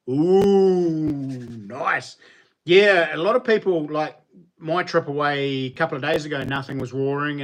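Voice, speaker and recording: A man with a New Zealand accent, a knife maker chatting casually on a livestream and answering viewers in a relaxed, colloquial way. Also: a little high.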